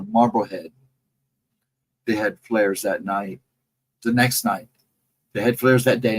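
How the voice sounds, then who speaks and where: A man's voice: mid-range voice, husky, low-quality recording. Rambling man chatting on a late-night livestream. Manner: rambling, folksy storytelling with restarts; reads out chat comments and answers them. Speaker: livestream host.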